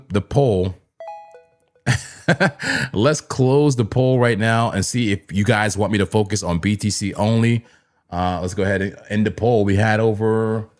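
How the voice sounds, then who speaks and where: Man, lowish pitch, casual live trading commentary, rambling, fillers, talks to chat. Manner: rambling, chatty, full of "like" and "man"; talks straight to chat viewers. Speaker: crypto trading livestream host.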